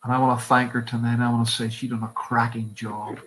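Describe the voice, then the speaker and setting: A man in his fifties with a Northern Irish accent, a pastor telling his life story as a sermon testimony in earnest, with emphatic pauses. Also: medium pitch, little pitch movement, fairly bright tone, slight background noise, rough recording. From Northern Ireland.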